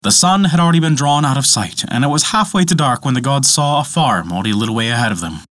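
A man narrating a myth as a storyteller, with expressive, dramatic delivery. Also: medium pitch, fast talker, dry recording.

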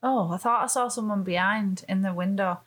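A woman's voice: mid-range voice, moderate pace, a bit bright. A woman co-hosting a casual podcast chat, rambling through stories with restarts and swearing. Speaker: podcast co-host.

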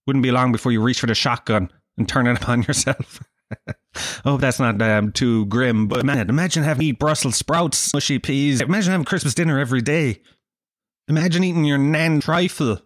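A man's voice: mid-range voice, no echo, studio quality. A man ranting in a casual vlog, sweary and sardonic. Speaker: vlogger. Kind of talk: casual rant to camera.

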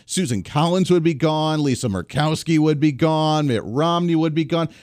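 A man hosting a talk radio show, giving an emphatic, animated political commentary monologue on a studio microphone. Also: on the high side, no room sound.

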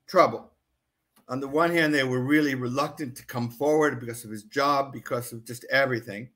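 A man's voice: mid-range voice, a bit bright. A man, an author, reading from his book and then talking earnestly about it as a guest, with many restarts. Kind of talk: book reading and interview talk.

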